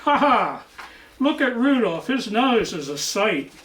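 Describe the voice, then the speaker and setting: Santa Claus, played by a woman, slow and jolly. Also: fairly high pitch, big pitch swings, fairly bright tone, roomy sound, exaggerated voice, poor audio. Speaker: guest storyteller. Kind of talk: reading a picture book aloud.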